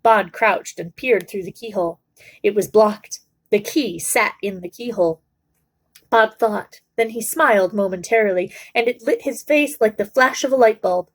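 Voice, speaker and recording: In a steady, measured storytelling tone, a mid-range-voiced woman reads a children's novel aloud to her book club.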